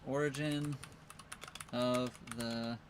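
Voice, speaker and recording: A man's voice: medium pitch, fairly even intonation, extremely slow, noisy background. Easygoing man chatting on a boat livestream. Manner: easygoing, rambling, reads viewer comments aloud. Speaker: live stream host. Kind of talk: casual live stream chat. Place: on a sailboat at a marina.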